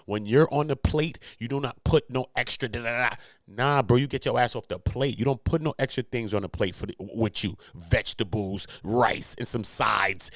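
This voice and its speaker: A man's voice: mid-range voice, normal speed, no echo, studio quality. Brash swearing male commentary host. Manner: brash, swearing, laughing, slangy. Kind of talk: casual commentary.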